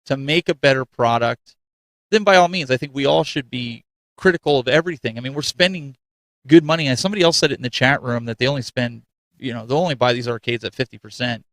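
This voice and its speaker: An animated male host chats casually and mocks himself, laughing often. His voice sits in a middle range and sounds close and dry. He says he is getting a cold. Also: medium pitch, quick pace, no room sound. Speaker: show host. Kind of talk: casual live-stream chat.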